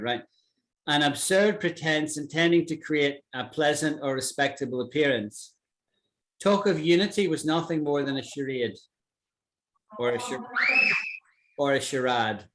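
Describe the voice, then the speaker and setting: A man's voice: on the high side, a bit bright, slight background noise. A man from Britain teaching an online English lesson, patiently repeating words to show how they sound. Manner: patient, repeats words slowly to model pronunciation.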